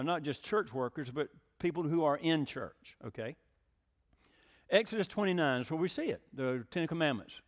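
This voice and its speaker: A man preaching a sermon in a conversational way, often asking the congregation questions. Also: a little high. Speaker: pastor. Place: church sanctuary. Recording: long hall reverb.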